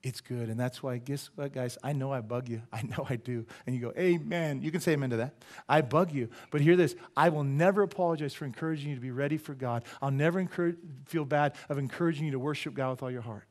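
A male pastor preaching a sermon in a church, animated and joking, asking the congregation rhetorical questions. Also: mid-range voice, fast. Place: church sanctuary.

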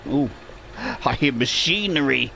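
A man giving profane, excitable commentary while playing a video game, muttering to himself. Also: medium pitch, unhurried, creaky. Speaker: gamer. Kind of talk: profane let's play commentary.

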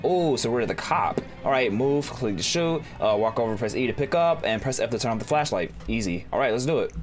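A young gaming YouTuber talks through the horror game he's playing, cracking jokes and breaking into high squeals whenever something startles him. His intonation is lively and his pace brisk, with music playing under his voice.

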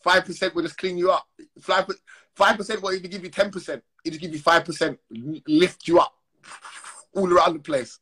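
A man holds forth on a phone livestream. His voice is husky and sits a little high for a man. His delivery is heated, slangy and full of repeated call-outs. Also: fairly even intonation, a little fast, sharp tone. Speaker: Instagram live streamer. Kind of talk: confrontational live-stream rant.

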